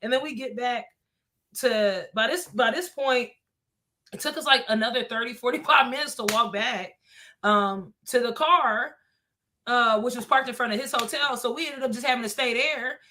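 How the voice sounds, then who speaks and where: A woman with a high voice and a bright, forceful tone, telling stories in a casual chat. She is animated, laughs often and swears freely. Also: normal speed, a little hiss or hum.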